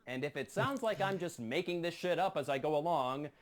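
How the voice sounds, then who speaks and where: A man's voice: on the high side, lively intonation, brisk. A man making sarcastic, mock-sincere comedic asides about a film. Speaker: film review show commentator.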